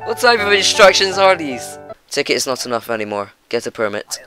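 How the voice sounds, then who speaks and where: Excitable gamer man shouting at the screen. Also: a little high, brisk, over music. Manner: excitable, yelps and shouts at the game. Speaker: gaming channel host. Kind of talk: excited let's-play commentary.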